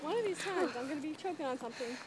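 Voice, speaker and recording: A woman's voice: sits high, expressive, very fast, very noisy. A young woman chiming in with wry, joking remarks on a phone vlog recorded outdoors. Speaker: vlogger. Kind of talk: casual chat. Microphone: phone camera.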